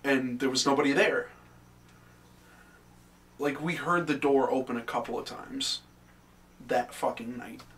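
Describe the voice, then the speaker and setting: A young man co-hosting a podcast, telling a ghost story in animated, swear-heavy casual chat. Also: mid-range voice, unhurried, pauses often. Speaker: podcast co-host. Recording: distant mic with faint background noise.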